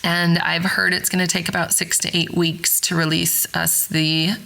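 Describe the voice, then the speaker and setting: Bright, excited woman telling a story. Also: on the low side, moderate pace, gravelly, rough recording. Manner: rambling, with frequent self-corrections and fillers. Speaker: podcast host. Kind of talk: casual storytelling.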